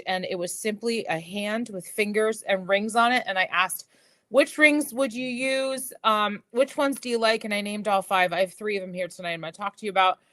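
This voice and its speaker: A middle-aged woman chatting casually on a live stream about jewelry, telling stories with lots of fillers and repeated words, with a slight whistle in her speech from a missing tooth. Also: medium pitch. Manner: chatty, animated storytelling with frequent fillers and repeats.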